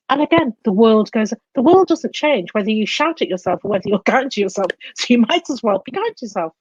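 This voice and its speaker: Therapist guest, a woman; lively explainer who acts out voices, slightly high-pitched, dry close sound. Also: a little fast, few pauses, breathy edge, dry recording, lo-fi sound. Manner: animated, acts out inner voices. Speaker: guest, coach and psychotherapist. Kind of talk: explanatory interview talk.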